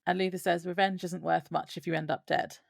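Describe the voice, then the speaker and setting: A woman co-hosting a relaxed podcast in a low, very gravelly voice. She picks her way through the plot with ums and quick laughs. The sound is dry and close, with no room around it. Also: no echo. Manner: laughs often, hesitant with fillers. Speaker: podcast co-host. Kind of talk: casual chat recapping a TV episode.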